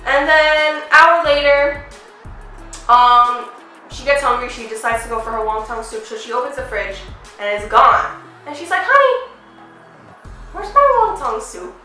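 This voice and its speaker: A woman's voice: on the high side, moderate pace. A young woman casually telling funny family stories on her vlog, giggling and acting out her parents' lines. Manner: giggly, animated, acts out family members' lines. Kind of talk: casual storytelling. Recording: echoey room, off-mic, faint music.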